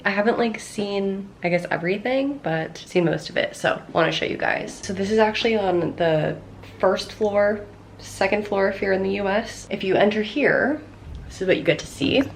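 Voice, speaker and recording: A woman with a hoarse, nearly gone voice, chatting casually to viewers in a travel vlog, recorded on a phone. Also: medium pitch, slight background noise. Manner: chatty, giggly, talks to viewers. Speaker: travel vlogger. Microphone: phone held by hand.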